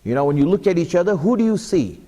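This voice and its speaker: Man, sermon, earnest, asks the congregation questions, higher voice, long hall echo. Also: very animated, fast talker, dark tone. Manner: earnest, addresses the congregation directly with repeated questions. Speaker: speaker at an Islamic center. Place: mosque hall.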